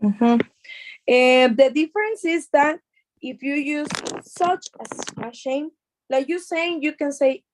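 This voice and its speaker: A woman's voice: sits high, takes it slowly, dry recording, low-quality recording. A woman with a Mexican Spanish accent teaching an English class, explaining patiently with repeated words and fillers.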